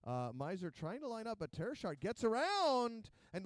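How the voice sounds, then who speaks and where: Guy calling robot fights on the mic, high pitched, crisp dry sound, counts em down. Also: huge pitch swings, normal speed, few pauses, no room sound. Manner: counts down loudly, calls hits. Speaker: robot combat announcer. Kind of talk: live arena commentary.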